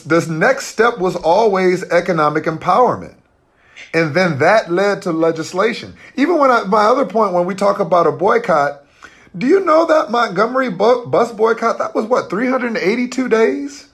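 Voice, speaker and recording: A man's voice: high-pitched, fairly bright tone. A man speaking as an interview guest, earnest and emphatic, with frequent restarts as he makes his points. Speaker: guest, boycott organizer. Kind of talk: conversational interview.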